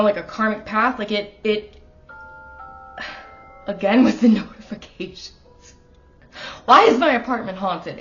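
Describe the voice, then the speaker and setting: A woman's voice: mid-range voice, muffled recording. A woman giving a casual tarot reading at home, talking straight to the viewer in an earnest, emotional way. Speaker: tarot reader. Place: her apartment.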